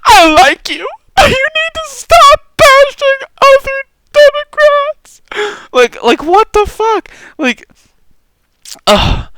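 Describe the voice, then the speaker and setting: A man voicing a whiny, scolding party-loyalist tweeter in a shrill, mocking imitation. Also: sing-song, takes it slowly, sharp tone, full character voice.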